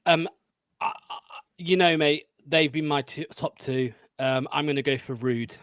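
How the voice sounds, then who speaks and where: A man's voice: on the high side, a little slow, a bit bright, dry recording. A man co-hosting a fan podcast, confident and chatty, with frequent fillers. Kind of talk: casual football fan chat.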